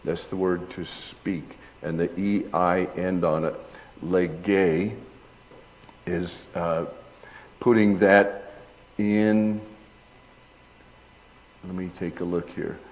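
A man preaches slowly and deliberately in a lowish voice, working through Greek words before building to loud, emphatic peaks. His voice rings with a long reverb, as if he is in a large hall. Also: level tone. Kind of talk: sermon with Greek word study.

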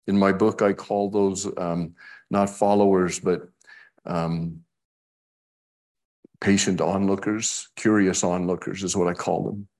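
Man, preacher, sermon, conversational, lowish voice, dramatized scripture quotes. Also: level tone, slow pace, pauses often, darkish tone.

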